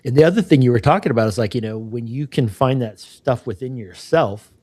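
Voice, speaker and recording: A man hosts a laid-back interview podcast, his voice slightly husky. He thinks aloud, circling back and restarting as he unfolds an old parable for his guest. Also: mid-range voice, fairly quick, darkish tone, no room sound. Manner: reflective, rambling storyteller with restarts and "you know". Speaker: podcast co-host. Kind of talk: casual conversational interview.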